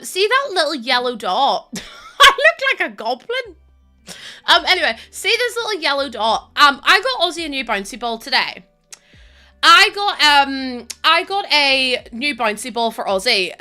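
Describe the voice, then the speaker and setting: A woman with a Northern Irish accent chatting fast with her stream audience, tired and laughing often. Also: sits high, pushed and bright. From Northern Ireland. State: tired from lack of sleep. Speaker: live streamer. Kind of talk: casual chat with a stream audience.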